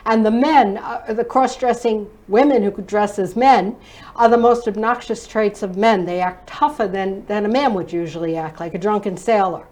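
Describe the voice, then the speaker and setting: A woman's voice: medium pitch, normal speed, a little mellow, low-quality recording. A woman co-hosting a casual talk show, asking blunt, provocative questions. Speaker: co-host.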